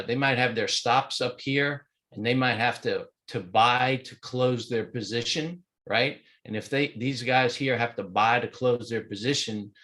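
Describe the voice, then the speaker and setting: A man's voice: medium pitch, fairly bright tone. Casual sniffly man walking through charts. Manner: casual, rambling, chatty with fillers. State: sniffly, stuffy nose. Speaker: trading mentor. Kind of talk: live market walkthrough. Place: home in Hawaii.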